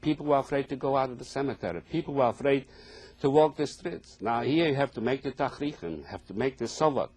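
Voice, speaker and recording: An elderly man in his eighties from Poland, speaking English, giving oral history testimony in a halting, earnest way with plain phrasing. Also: medium pitch, expressive, darkish tone, slightly rough. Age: older, 80s. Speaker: Holocaust survivor giving testimony.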